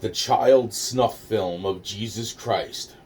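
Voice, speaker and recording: A man casually recounting a personal ordeal in a rambling, profane way, with frequent restarts and a calm, low-key delivery. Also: takes it slowly, slightly rough. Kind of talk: casual spoken recollection.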